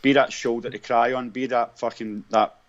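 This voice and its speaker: A man talks bluntly on a podcast, swearing freely in an ordinary mid-pitched voice. His sound comes through dull and lo-fi. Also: little pitch movement, normal speed. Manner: blunt, heavy swearing, agreeing backchannels. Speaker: podcast guest, footballer. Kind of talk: casual podcast chat.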